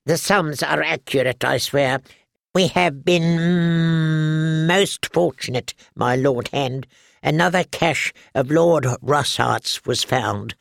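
Man doing a squeaky, halting nervous alchemist. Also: vocal fry, no echo, clean studio sound. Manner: halting, full of ums and hesitations.

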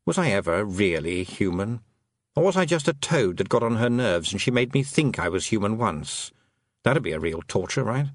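Nervous talking toad, rambling, a touch husky, read by a man. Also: medium pitch, no echo, studio quality. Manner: rambling, fretful, musing. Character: anxious talking toad, once maybe human.

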